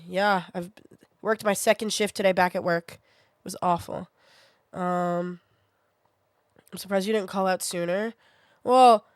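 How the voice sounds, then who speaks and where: This young woman streams while sick with a sore throat, her medium-pitched voice clean-toned with no room sound. She chats casually, venting bluntly and swearing often.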